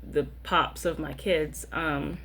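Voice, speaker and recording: A woman's voice: deep voice, steady tone, slow pace, gravelly, a bit bright, a little hiss or hum. A woman of about thirty chatting casually to camera as a vlogger, rambling and often checking in with "you know what I mean". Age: 30s.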